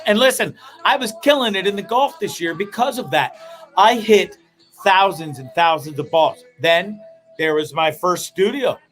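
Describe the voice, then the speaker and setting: A man hosting a comedic live show, telling stories in a rambling, profane, animated way. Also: high voice, normal speed, faint music behind. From Canada. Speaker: host.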